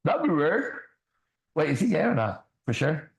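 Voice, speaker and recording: Male minister-host, profane, lively delivery, slightly high voice. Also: normal speed, vocal fry, poor audio. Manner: blunt, profane, rhetorical questions. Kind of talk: preachy casual talk show.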